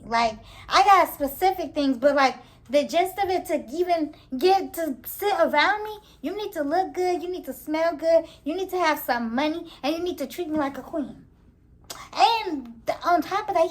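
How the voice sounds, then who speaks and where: A young woman vlogger telling a casual, animated storytime, laughing and slangy as she goes. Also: high-pitched. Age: young adult.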